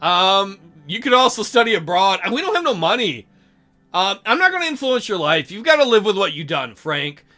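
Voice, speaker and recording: A man's voice: high voice, big pitch swings, moderate pace, pushed and bright, faint music behind. A man hosting a let's play, reading game text aloud and reacting with sarcastic, profane commentary.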